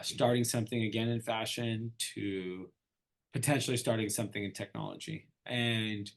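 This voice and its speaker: A middle-aged man, an entrepreneur guest in an interview, telling a story casually and acting out the dialogue. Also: mid-range voice. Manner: animated storyteller, acts out quoted dialogue.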